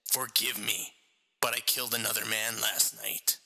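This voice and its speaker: Man doing a hoarse taunting killer. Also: on the low side, little pitch movement, moderate pace, big-room sound, voice pushed down. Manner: taunting, mocking. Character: hoarse menacing man confessing a killing.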